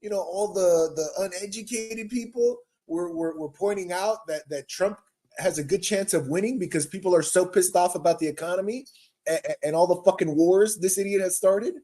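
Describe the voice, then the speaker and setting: A man's voice: high voice, moderate pace, dark tone. A man hosting a commentary show, ranting crudely about news clips and mocking people in a sarcastic voice. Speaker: host.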